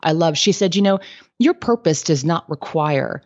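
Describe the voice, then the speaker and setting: A woman guest giving candid business advice in a podcast interview, telling lively stories with lots of "like" and "um". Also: deep voice, normal speed, muffled recording. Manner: candid, lively storytelling with frequent "like" and "um".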